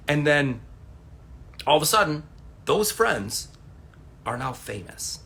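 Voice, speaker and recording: A man's voice: a little high, measured pace, vocal fry, pauses often, slight background noise. A man in his forties talking casually at home on a livestream, rambling and swearing as he tells stories. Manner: rambling, profane, animated storytelling. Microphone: phone.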